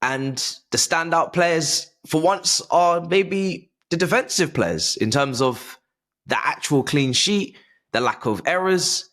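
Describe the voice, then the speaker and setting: Lively man hosting a fan podcast. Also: a little high, takes it slowly. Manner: lively, repeats "do you know what I mean". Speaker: podcast host. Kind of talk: casual chat.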